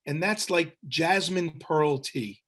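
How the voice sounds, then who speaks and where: A man leading a tasting webinar, talking in a thoughtful, descriptive way and pausing to find the right words. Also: fairly high pitch, fairly bright tone. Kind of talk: guided tasting talk. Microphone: webinar mic.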